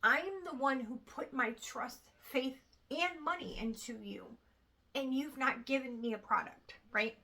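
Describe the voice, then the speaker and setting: Speaking a little slowly in a high, bright, forceful voice, this thirty-something vlogger recounts a frustrating personal experience to camera, acting out others' dialogue. The audio quality is poor.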